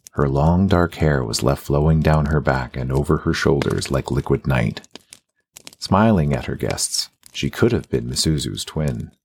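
A male narrator reading a fantasy audiobook in a steady, even manner. His voice is extremely deep and gravelly, with a husky grain. It suits long descriptive passages.

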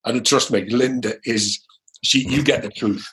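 A middle-aged British man talking as an interview guest, with a pitch that sits in the middle for a man. He tells his stories in a lively way and slips into the voices of the people he quotes. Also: measured pace. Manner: lively anecdotal storyteller who acts out quoted lines. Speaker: actor guest. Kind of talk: casual interview storytelling.

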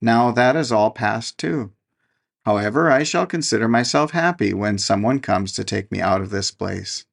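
A man's voice: fairly low pitch, moderate pace, creaky. A man voicing a lonely young fir tree in a storybook reading, talking in an earnest, wistful way.

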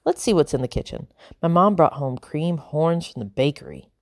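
A woman's voice: deep voice, lively intonation, moderate pace, dry recording, studio quality. A woman voicing a kind, friendly young girl who jokes easily.

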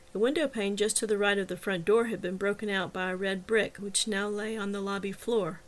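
A woman's voice: mid-range voice, a bit bright. A woman author reading her own novel aloud in first person, telling the story steadily. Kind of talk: first-person audiobook narration.

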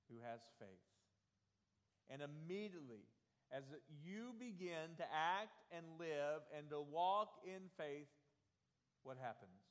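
A male pastor preaches with a fairly high voice that carries a long reverb tail, as if filling a church sanctuary. He talks to his congregation directly, asking for raised hands, and moves between quick asides and fervent emphasis. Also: a bit bright. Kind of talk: sermon.

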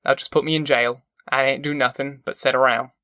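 A weary, level-headed former preacher, as a man puts him on speaks in a plain folksy drawl. The tone is bright and forward, and the audiobook sound is dry and close. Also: mid-range voice, fairly even intonation, fairly quick, dry recording. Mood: steady, urgent. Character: weary calm ex-preacher man, middle-aged.

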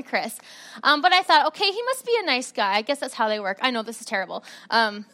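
A woman giving a sermon, telling a personal story in a chatty, animated way. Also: fairly high pitch. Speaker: preacher.

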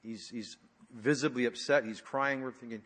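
A man's voice: medium pitch, steady tone, normal speed. Brief: male pastor, mid-range voice, chatty storytelling sermon, long hall reverb. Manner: conversational storytelling with frequent fillers, dropping to hushed tones.

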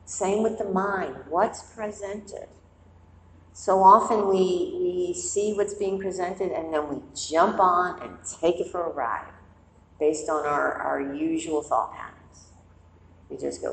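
Gravelly woman teaching in an echoey hall. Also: on the low side, unhurried, a little hiss or hum. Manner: conversational, animated storytelling with acted-out inner voices. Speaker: meditation teacher. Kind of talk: dharma talk to a meditation group. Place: quiet meditation hall.

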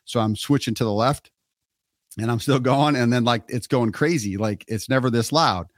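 A man's voice: mid-range voice, moderate pace, dry recording, studio quality. A middle-aged man casually telling a story on a podcast, acting out what people said. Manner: animated storyteller acting out quotes.

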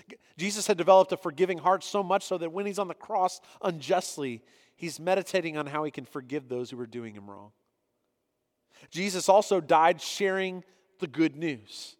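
A man's voice: high voice, moderate pace, in a large hall. A man preaching a sermon as pastor, reading scripture passages aloud and then explaining them earnestly.

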